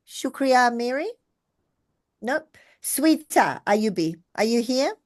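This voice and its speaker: A woman's voice: a little high, expressive, takes it slowly, darkish tone. A woman leads an online English lesson, talking in a chatty, encouraging way. She calls on her students one by one over a video call. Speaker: English teacher.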